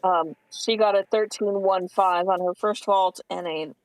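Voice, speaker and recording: High-voiced man giving informative commentary. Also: measured pace, dry recording, rough recording. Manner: informative, steady, with fillers. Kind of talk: casual live-stream commentary.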